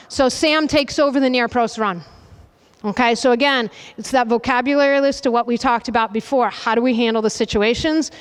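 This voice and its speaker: Brisk woman coach in an echoing hall. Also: a little high, fairly even intonation, clear, resonant tone. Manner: brisk, directive, checks in with frequent "okay?"; calls out commands loudly. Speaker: soccer coach running a goalkeeping demonstration. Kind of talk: on-field coaching demonstration. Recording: reverberant hall, voice from a distance.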